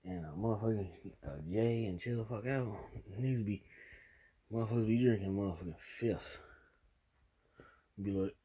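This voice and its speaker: A man's voice: fairly low pitch, normal speed, dark tone, husky. A young man vlogging, telling a rambling, profane drinking story and laughing at himself. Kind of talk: casual storytelling monologue.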